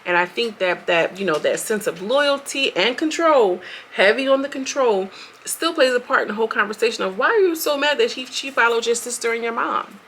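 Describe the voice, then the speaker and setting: A woman's voice: medium pitch, a little hiss or hum. Chatty woman recapping a reality show. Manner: chatty, animated, quotes people in quick bursts. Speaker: show reviewer. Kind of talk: casual recap commentary.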